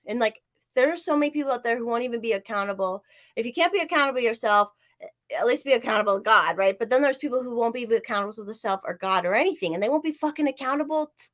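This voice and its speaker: Woman podcast host, higher voice, casual, profane and emphatic, rambling delivery. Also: fairly bright tone. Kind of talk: casual chat.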